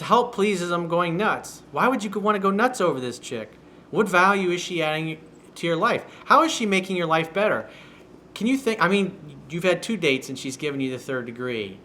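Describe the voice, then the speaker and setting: A man's voice: a little high, bright, forceful tone, slight background noise. A man giving dating advice as a coach, reading out a viewer's email and answering it in a blunt, profane, sarcastic way. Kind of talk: solo video newsletter commentary. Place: home room with workers outside the window.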